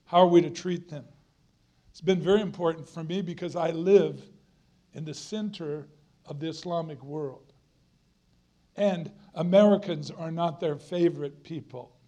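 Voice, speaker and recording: Male guest preacher, middle-aged, fairly high voice, earnest emphatic sermon delivery with repeated lines. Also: measured pace, mellow.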